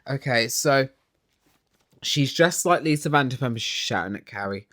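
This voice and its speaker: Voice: medium pitch, expressive, moderate pace, fairly bright tone, no echo, studio quality. A vlogger ranting casually and sarcastically through a reality TV recap, opinionated and swearing.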